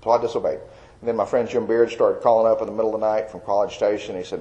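Racing through his faith testimony, an older Christian artist speaks in a lowish, warm, steady voice on lo-fi sound. He rambles in a folksy storytelling style, using many fillers.

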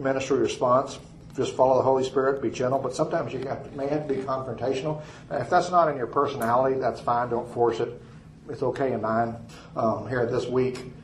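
Folksy preacher in a roomy hall. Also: male voice, mid-range voice, slight background noise. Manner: folksy storytelling, chuckling asides. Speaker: minister. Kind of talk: sermon teaching with a personal story.

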